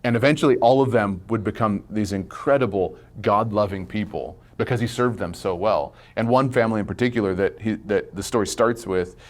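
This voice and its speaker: Man, low voice, storytelling, casual conversation, animated quotes. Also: brisk, hardly any pauses. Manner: animated storyteller, acts out quotes, laughs often. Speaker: guest minister.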